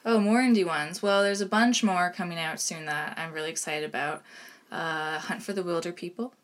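Chatty woman with a lowish voice. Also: normal speed. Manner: enthusiastic, chatty, drifts into soft asides. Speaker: podcast co-host. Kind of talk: casual chat.

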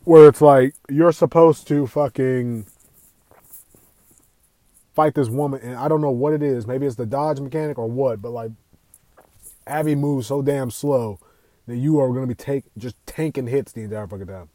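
A young man hosting a casual gaming podcast, talking in an excitable, profane, rambling way. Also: mid-range voice, normal speed, pauses often, dry recording. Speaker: podcast host.

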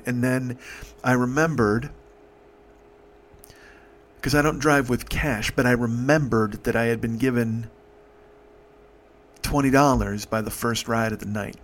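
A man hosting a podcast, telling a personal story in an emotional, profane way, halting and restarting. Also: medium pitch, steady tone. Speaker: podcast host.

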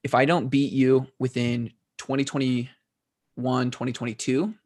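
A man's voice: mid-range voice, level tone, measured pace, a little mellow. Guy hosting a running podcast, dry humor, regular voice. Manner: wry, dry joking. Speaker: podcast host. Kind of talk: casual podcast chat.

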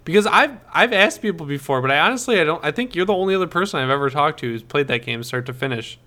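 A man's voice: a little high, animated, fast, bright, forceful tone. A man co-hosting a podcast, chatting casually, swearing and laughing easily. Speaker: podcast co-host. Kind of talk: casual chat.

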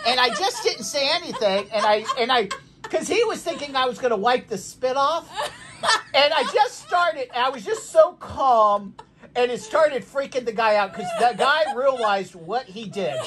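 A man who works as a pastor and co-hosts a chat podcast about faith, telling stories in a lively way and often laughing as he talks. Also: very high voice, normal speed, background noise. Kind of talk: casual faith chat, storytelling.

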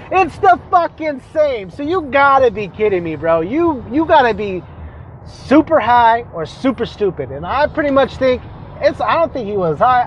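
Young man, high voice, animated profane ranting, casual vlog, dull lo-fi audio. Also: slight background noise.

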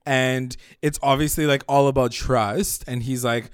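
A man recapping a show in an animated, casual way, swearing freely and acting out the characters' lines. His voice sits at an ordinary middle pitch. The sound is dry and close. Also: unhurried, clean tone, no echo. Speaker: podcast co-host recapping a show. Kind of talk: casual chat.

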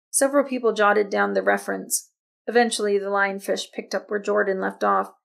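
A woman reads a novel aloud in scripted audiobook narration. Her voice is mid-pitched with a noticeably gravelly, creaky texture. She tells the story in a steady, even manner.

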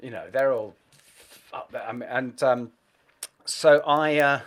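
A middle-aged English man, a bass player, telling animated anecdotes in a casual interview and laughing between phrases. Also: a little slow. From England.

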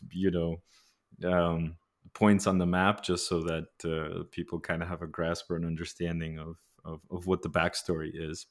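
A man born in the Soviet Union, hosting a podcast interview, speaking with frequent restarts and fillers. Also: low voice. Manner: hesitant, many restarts and fillers. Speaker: podcast host.

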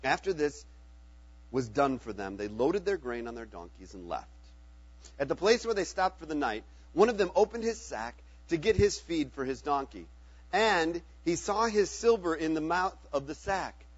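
Man reading scripture aloud, slightly high voice, casual asides, dull lo-fi recording. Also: very animated, moderate pace, husky, no room sound. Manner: plain reading broken by joking asides. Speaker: scripture reader. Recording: dull lo-fi, dry.

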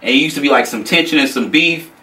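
Animated, swearing male storyteller, bright voice, a bit far from the mic. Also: medium pitch, fast talker. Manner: animated, profane, acts out quotes. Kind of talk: casual storytelling.

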